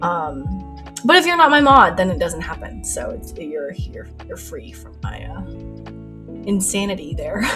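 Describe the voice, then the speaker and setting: A woman's voice: lowish voice, very animated, measured pace. A young adult woman streaming while she paints, chatting casually, laughing often and telling stories animatedly. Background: soft lo-fi music.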